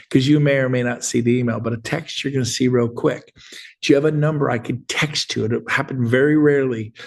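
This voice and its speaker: On a group video call, a middle-aged man who coaches real estate agents delivers an energetic, rambling pep talk, acting out snippets of dialogue. His voice sits at a medium pitch with a creaky quality.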